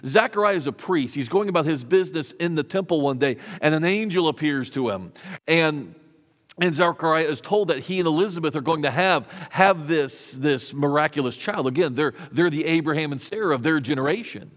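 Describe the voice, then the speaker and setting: A man's voice: on the high side, animated, brisk, a bit bright, big-room sound. A man preaching a sermon in a conversational way, with rhetorical questions and frequent restarts. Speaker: pastor.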